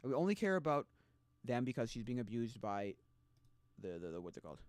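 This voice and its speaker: A man's voice: mid-range voice, sing-song, a little mellow, dry recording. A man in his casual stream chat, rambling and stumbling through restarts in a mid-range voice. He is recorded close and dry, with no room sound around him. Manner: rambling, halting with restarts, mocking quoted voices.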